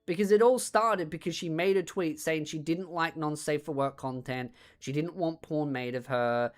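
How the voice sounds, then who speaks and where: A woman streamer in casual chat on a desk mic, retelling things in a rambling, animated way. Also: low voice, normal speed.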